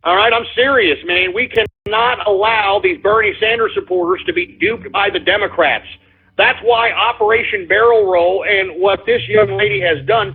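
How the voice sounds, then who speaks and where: High-voiced ranting man on lo-fi radio. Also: husky. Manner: profane, heated, repetitive. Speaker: radio show host. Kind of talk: ranting call-in radio talk. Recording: lo-fi phone-like sound.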